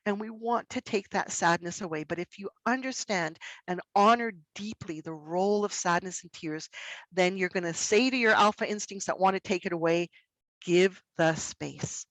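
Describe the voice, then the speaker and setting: A middle-aged woman presenting a workshop for educators in an expressive way, acting out examples in her voice. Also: mid-range voice, no room sound, low-quality recording. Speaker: workshop presenter on student behaviour. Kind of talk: educational webinar talk.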